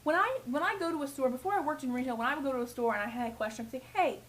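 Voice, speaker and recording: A woman's voice: high voice, very fast, fairly bright tone, a little hiss or hum, poor audio. A young woman who works in retail, ranting casually and with swearing about customers, often mimicking them. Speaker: retail worker. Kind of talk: casual vlog rant.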